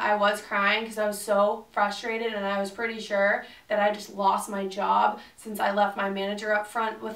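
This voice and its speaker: This beauty vlogger, a young woman with a creaky, medium-pitched voice, tells a chatty storytime, cursing often and acting out what people said. She sits far from the mic, so her voice lands a bit off-mic in a roomy echo.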